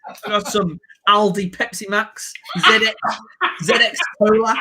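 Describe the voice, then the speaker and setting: A man with a Birmingham accent hosting a live stream, reacting excitedly to a football match, laughing and shouting at the play. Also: sits high, measured pace, slight background noise.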